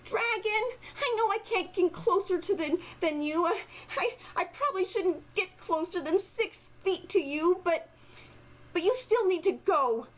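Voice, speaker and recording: A woman's voice: animated, a little slow. A woman doing a brave, upset little girl. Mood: pleading. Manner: high, pleading, shouting.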